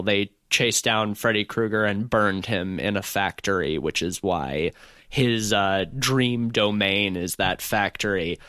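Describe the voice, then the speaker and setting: A man co-hosting a podcast, giving opinionated, animated takes on a horror film in casual chat. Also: medium pitch, dry recording, clean studio sound. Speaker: podcast co-host.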